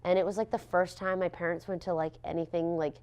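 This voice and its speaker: A young woman with a smooth, clear voice pitched a little low tells stories in a casual interview. She is a pastry chef, animated and quick to laugh, slipping into the voices of the people she quotes.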